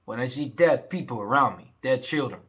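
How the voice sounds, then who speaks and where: A young man talking casually to his viewers, swinging between angry outbursts and low, sad muttering, full of "you know" and "man". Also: animated, a little fast, a bit bright, slightly rough. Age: young adult. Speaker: vlogger. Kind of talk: casual rant to camera.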